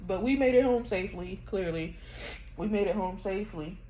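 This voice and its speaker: A grieving woman vlogging from her bedroom, telling a painful story in a halting, rambling way, close to tears. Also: medium pitch. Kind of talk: emotional personal confession vlog. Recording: dull muffled sound with faint background hum.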